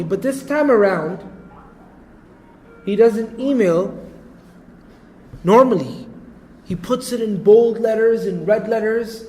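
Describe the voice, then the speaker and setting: A male preacher telling a story in a conversational sermon, animated and often checking in with his listeners. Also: high voice, slow pace, long pauses, low-quality recording. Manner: animated, conversational, repeats points with "you know" and "okay?".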